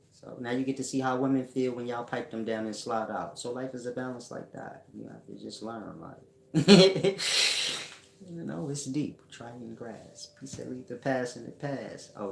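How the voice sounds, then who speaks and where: A man's voice: fairly low pitch, gravelly, slight background noise. A middle-aged man, a spiritual teacher answering viewers in a casual livestream chat, talking in loose slang and laughing often. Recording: echoey room.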